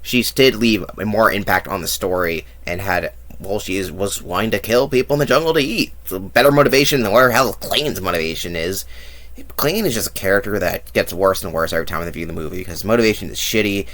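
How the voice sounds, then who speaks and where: A man's voice: low-pitched, fast talker, a bit bright. Blunt, profane male movie reviewer. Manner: blunt, profane and mocking, with fake sung bits. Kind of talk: ranting review monologue.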